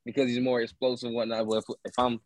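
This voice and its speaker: A man co-hosting a sports podcast, weighing his picks out loud in a measured way. His voice is recorded very dry, with no room sound at all. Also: mid-range voice, flat delivery, dry recording. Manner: measured, thinks aloud. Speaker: podcast co-host. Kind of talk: casual sports chat.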